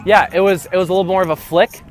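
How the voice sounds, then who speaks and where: A man's voice: sits high, little pitch movement, fast. A young man teaching a band rehearsal, counting off beats, singing rhythms and coaching breathing and articulation. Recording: music playing in the background.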